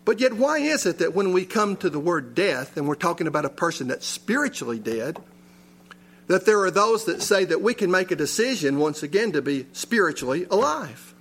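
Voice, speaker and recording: A man's voice: high-pitched, very animated, moderate pace, fairly bright tone, husky. A man preaching a sermon in a church, reading scripture and asking his listeners rhetorical questions with rising emphasis. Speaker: pastor.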